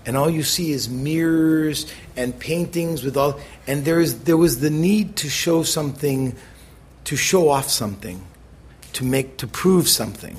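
Husky middle-aged man telling stories. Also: fairly high pitch. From United States. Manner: animated, acts out quoted voices, quick bursts. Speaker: chef, interview guest. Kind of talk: conversational storytelling.

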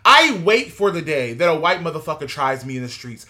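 A man with a high, bright voice holds forth as a podcast co-host. He rants with heat and swears freely. His pitch swoops all over as he talks. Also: very animated, brisk, hardly any pauses. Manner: profane, heated ranting. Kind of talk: casual gossip chat.

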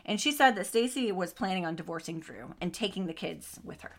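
A woman's voice: fairly low pitch, brisk. A woman hosting a podcast, casually recounting a true crime case with lots of asides and swearing. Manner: expressive, swears, frequent asides and restarts.

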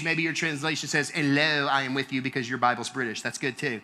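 A man preaching a sermon in a church, talking earnestly and building to emphatic, drawn-out stresses. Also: mid-range voice, flat delivery, bright, forceful tone, low-quality recording. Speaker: pastor.

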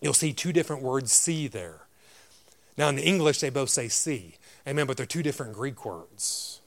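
A man preaching a sermon in a church, animated and repetitive, often saying amen. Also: medium pitch, normal speed.

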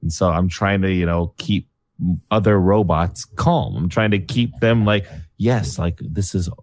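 A man's voice: sits low, measured pace, no echo, clean studio sound. A man chatting casually on a voice call as a tabletop game player, eagerly talking through his character. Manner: enthusiastic, talks through his character aloud. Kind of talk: casual chat over voice call.

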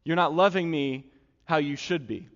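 A man's voice: a little high, normal speed. A young man preaching a sermon, telling a personal story in an earnest, conversational way with lots of fillers. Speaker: pastor. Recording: dull sound with long hall reverb.

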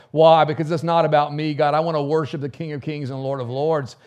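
A middle-aged man preaching a sermon, with fervent bursts that drop into soft, low prayer. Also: little pitch movement, brisk, few pauses. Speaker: pastor.

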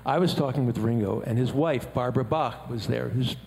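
A man chatting casually about his music career, an animated storyteller who slips into other people's voices when he quotes them. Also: medium pitch, fairly quick, gravelly. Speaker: musician guest. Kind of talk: casual chat. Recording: long hall reverb with faint noise.

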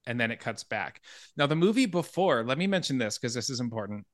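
A man hosting a horror film podcast, walking through movie scenes in a lively, casual retelling with quick asides. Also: mid-range voice, no room sound, studio quality. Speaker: podcast host.

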